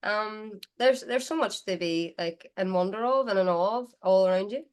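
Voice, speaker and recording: Derry woman, dj guest on a podcast, chatty storyteller, mid pitch. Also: smooth. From Northern Ireland. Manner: chatty storyteller, quick and animated. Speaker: guest, DJ and music producer. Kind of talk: casual interview chat.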